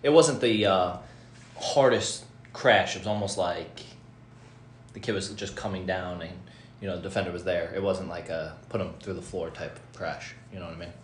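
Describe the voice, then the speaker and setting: Deep-voiced laid-back male guest. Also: moderate pace. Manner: laid-back, brief agreeing replies. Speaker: basketball referee, podcast guest. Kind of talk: casual podcast chat. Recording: echoey room with faint ambient noise.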